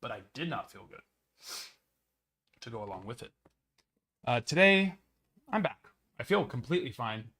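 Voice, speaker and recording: A man hosting a card break livestream, slightly raspy and hoarse as he recovers from a cold, chatting and teasing playfully. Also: medium pitch, big pitch swings, normal speed, long pauses, pushed and bright. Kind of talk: casual livestream chat.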